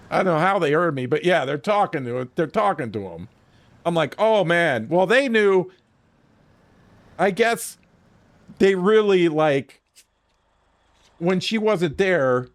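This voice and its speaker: High-voiced, profane older man spinning a yarn. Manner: profane, animated storyteller acting out quoted exchanges. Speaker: streamer telling a war story. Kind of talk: casual storytelling while gaming.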